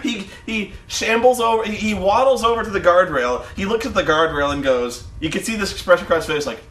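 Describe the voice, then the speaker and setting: A man co-hosting a podcast, telling wrestling stories in casual, profane chat and acting them out with shouted impressions. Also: high-pitched, a little fast, echoey room. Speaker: podcast co-host.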